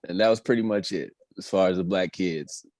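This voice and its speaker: A man co-hosting a podcast, telling exasperated school stories in an animated, casual way. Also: sits low, a little fast, no echo. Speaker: podcast co-host. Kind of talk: casual comedic chat.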